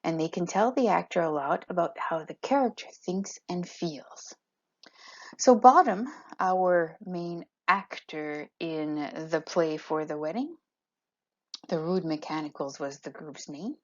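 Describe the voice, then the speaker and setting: Husky woman teaching a lesson. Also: lowish voice, lively intonation, measured pace, highs cut off. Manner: clear explanatory teaching, reads examples aloud rhythmically. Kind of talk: recorded classroom lesson.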